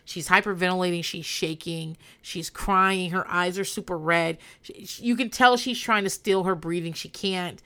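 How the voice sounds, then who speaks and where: A woman's voice: lowish voice, moderate pace, few pauses, fairly bright tone, smooth. A woman hosting a casual podcast recap, talking bluntly with lots of swearing and laughter. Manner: blunt and profane, with frequent laughter. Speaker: podcast host. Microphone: podcast microphone.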